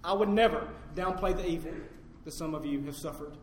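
A male pastor delivers a sermon with a fairly high voice. He climbs to loud, emphatic peaks and then drops low and quiet on his key points. His voice rings through a roomy hall with a long reverb tail over a faint background hum. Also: a little fast.

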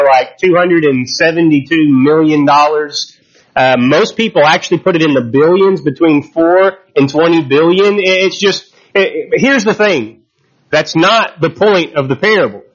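A man with a fairly high voice preaches a sermon. He reads scripture with slow emphasis, then explains it loosely with fillers and restarts. The recording sounds dull and muffled.

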